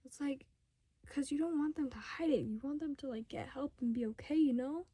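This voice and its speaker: Teen girl, casual vlog rant, rambling, quick bursts, half-whispered asides, dry close sound. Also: high-pitched, mellow, no echo. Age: 15, teenager. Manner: rambling and sidetracked, often drifting into a whisper; talks fast in bursts. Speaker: vlogger. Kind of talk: casual unscripted rant to camera.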